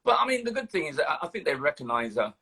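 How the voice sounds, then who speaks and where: An older man with a London accent, a guest in a casual interview, telling his life story in a lively way with many fillers. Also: on the high side, rapid-fire, gravelly, a crowd in the background. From London, England. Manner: animated storytelling, hesitant fillers.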